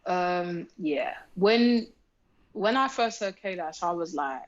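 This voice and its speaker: A British woman who is a music artist, recounting her story in relaxed casual chat and often laughing. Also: lowish voice, slow pace. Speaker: guest, music artist and manager. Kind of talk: casual conversational interview. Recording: slightly dull lo-fi sound.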